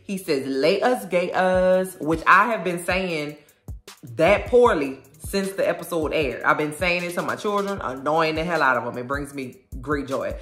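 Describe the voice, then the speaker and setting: Low-voiced woman, slangy show recap. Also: normal speed. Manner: animated and slangy, acts out the lines. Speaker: video host recapping a show episode. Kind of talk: casual recap chat. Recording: echoey room, faint music.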